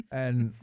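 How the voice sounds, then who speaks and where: A man's voice: mid-range voice, mellow, a little hiss or hum. A man hosting a casual joking chat, teasing his guests and laughing often. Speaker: host.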